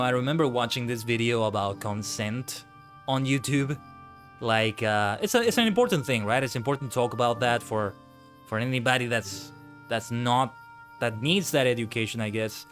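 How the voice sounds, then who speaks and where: A man chatting on a live gaming stream who breaks into animated, swearing rants. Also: mid-range voice. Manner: ranting, swears freely, animated outbursts. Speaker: VTuber streamer. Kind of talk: casual live-stream chat while gaming.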